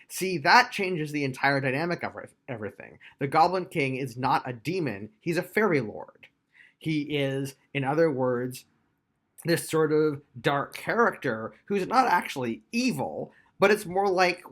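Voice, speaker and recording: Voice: mid-range voice, animated, measured pace, fairly bright tone. A tabletop game reviewer giving a casual video review, chatty and explanatory with frequent fillers.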